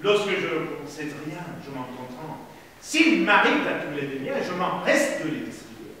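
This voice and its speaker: A man's voice: a little high, big pitch swings, a little fast, pushed and bright. A man playing a haughty, stubborn penitent. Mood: evasive. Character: proud stubborn man confessing a future sin. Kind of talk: amateur stage play. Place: theater stage. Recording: echoey hall from far off, noisy.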